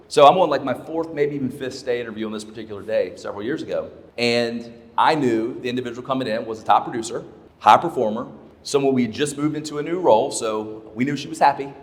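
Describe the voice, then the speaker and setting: A man giving a keynote talk to a live audience, telling a story with emphatic repetition of his key points. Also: medium pitch. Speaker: leadership speaker. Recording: long hall reverb.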